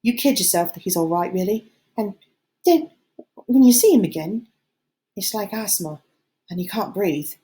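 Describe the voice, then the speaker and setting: A woman voicing an anxious, fussy schoolboy who frets and pleads in a high, squeaky voice, reading an audiobook. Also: expressive, moderate pace, long pauses, dark tone, lightly acted. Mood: plaintive.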